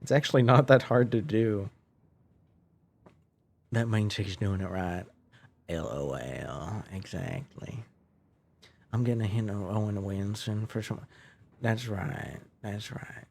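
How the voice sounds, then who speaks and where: Playful male streamer, low voice, chatting through a live playthrough. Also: slow pace, pauses often, slight background noise. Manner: playful, narrates his own game actions. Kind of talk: live game playthrough chat.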